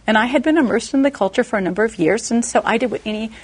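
A woman preaching a sermon, telling a personal story in an animated way and acting out the voices of the people in it. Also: racing, husky. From Texas, USA. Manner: animated storytelling, acting out quoted voices with big pitch jumps.

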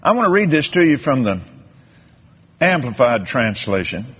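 A man's voice: medium pitch, very animated, normal speed, breathy edge. A man preaching a folksy sermon, telling a story and drifting into repetitive, drawling preacherly emphasis. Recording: dull lo-fi sermon recording.

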